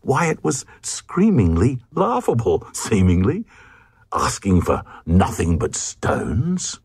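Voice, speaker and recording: Male narrator, lowish husky voice, slow lively verse reading. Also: no room sound. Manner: lively sing-song recitation. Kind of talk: reading a comic rhyming poem aloud.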